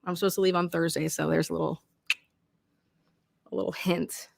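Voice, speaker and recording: A woman hosting a true crime livestream, ranting casually and loudly with a lot of swearing. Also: lowish voice, normal speed, vocal fry. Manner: rowdy, swearing, animated. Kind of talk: casual profane livestream rant.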